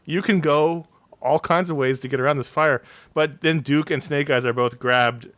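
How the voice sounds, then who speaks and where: Male co-host, slightly high, smooth resonant voice, dry close sound, amused recapper. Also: normal speed, fairly bright tone, no echo. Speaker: podcast co-host. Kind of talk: casual chat.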